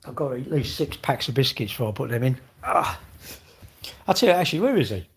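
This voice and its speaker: Husky English man chatting on a livestream. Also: medium pitch, big pitch swings, fairly quick. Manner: rambling, chatty, mocking. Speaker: livestream host. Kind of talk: casual chat reading live comments.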